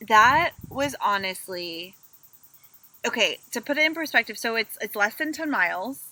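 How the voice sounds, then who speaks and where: A woman co-hosting a podcast from a camper van, telling stories in a lively way and acting out her own complaints. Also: fairly high pitch, normal speed, poor audio. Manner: animated storytelling, acts out her own complaints. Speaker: podcast co-host. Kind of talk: casual chat.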